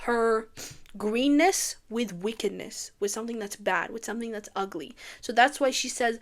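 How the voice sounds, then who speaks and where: Woman, casual commentary, gushing, chatty, slightly high voice. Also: normal speed. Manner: chatty and gushing, swinging between excited and wistful. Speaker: YouTuber reviewing a film musical.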